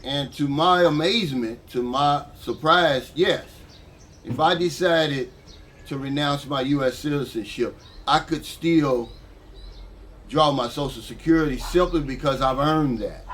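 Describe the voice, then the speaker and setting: A man's voice: medium pitch, unhurried, a bit bright, a little hiss or hum. An older man from the United States, talking casually and heatedly to camera as a vlogger. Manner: frustrated, heated, conversational.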